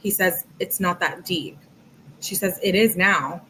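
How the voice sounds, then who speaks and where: Woman, fairly low voice, true-crime host, reading texts aloud, casual commentary, even delivery. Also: measured pace, slight background noise, rough recording.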